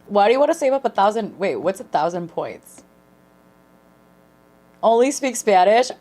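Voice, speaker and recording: A woman streamer chatting casually and excitedly with her viewers while reacting to a sermon. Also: mid-range voice, normal speed. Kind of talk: casual watch-along commentary.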